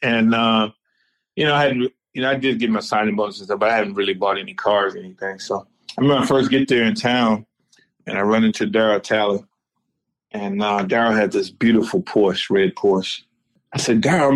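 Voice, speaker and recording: A man's voice: fairly low pitch, a little fast. Middle-aged man, ex-athlete guest on a phone call, loose and laughing, repeats himself as he spins a yarn. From North Carolina. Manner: laid-back, laughs often, repeats phrases. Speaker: interview guest, former football player. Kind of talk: casual storytelling over the phone.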